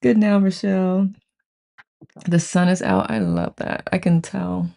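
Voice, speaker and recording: A mid-range voice, very animated yet a little slow, with vocal fry and a mellow quality. The speaker hosts a live book-study group, chatting casually on stream, calling out each viewer by name, and reading the chat aloud effusively with plenty of "I love it."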